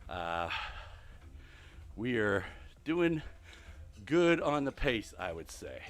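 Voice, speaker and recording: A man's voice: medium pitch, big pitch swings, extremely slow. Winded middle-aged man streaming while walking. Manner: mutters block counts under his breath, then chats loudly to viewers. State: out of breath. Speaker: gaming streamer. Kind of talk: live gameplay chat while on a treadmill.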